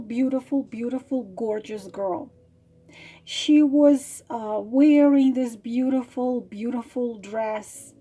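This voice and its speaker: A woman psychic tarot reader softly telling a spiritual story to her viewers, with hesitant fillers and repeated words. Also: high voice. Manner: soft, hesitant, many fillers and repetitions.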